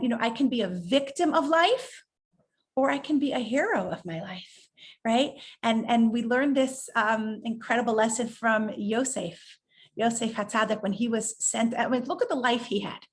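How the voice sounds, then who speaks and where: Woman, high voice, rebbetzin guest, lively storyteller acting out quotes. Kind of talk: inspirational talk in an interview.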